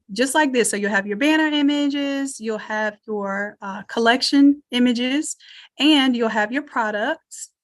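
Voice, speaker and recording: Southern woman, slightly high voice, energetic webinar instructor who cheers on her viewers, computer mic on a video call. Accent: Southern American. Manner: energetic, encouraging, addresses audience as y'all. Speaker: online design course instructor. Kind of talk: live webinar teaching and promotion.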